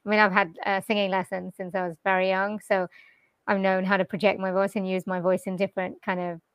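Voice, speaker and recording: A British-accented woman talks in a chatty, upbeat way, close to a directional mic. Her voice sits at an ordinary middle pitch. The sound is dry and close, with almost no room in it. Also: little pitch movement, clean tone, no echo. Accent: general British. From Wales. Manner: chatty, upbeat, quick to laugh. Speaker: voiceover artist and jazz vocalist. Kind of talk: casual interview chat. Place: quiet corner of a home lounge. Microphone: directional mic with pop shield.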